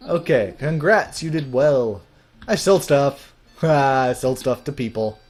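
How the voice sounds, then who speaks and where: A man's voice: mid-range voice, lively intonation, slow pace, darkish tone, faint music behind. Hyped, jokey man playing games. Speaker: video game let's player. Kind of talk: casual gameplay commentary.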